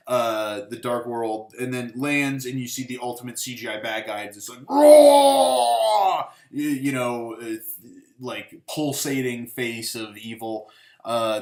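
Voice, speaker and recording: A man hosting a casual film review, rambling through the plot with many fillers and profanity. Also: medium pitch. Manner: rambling, profane, full of fillers, acts out quotes. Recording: echoey room.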